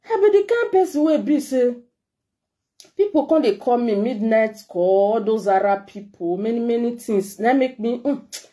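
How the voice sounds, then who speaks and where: Emotional Nigerian woman vlogger, warm voice. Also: on the high side, lively intonation, normal speed. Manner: heartfelt, emotional, pleading. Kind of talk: emotional direct-to-camera message.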